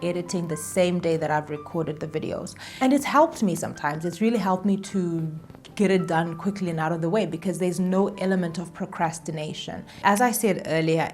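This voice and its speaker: Woman YouTuber, lowish voice, casual and chatty to camera, faint music bed. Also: darkish tone. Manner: chatty, self-deprecating, repeats herself for emphasis.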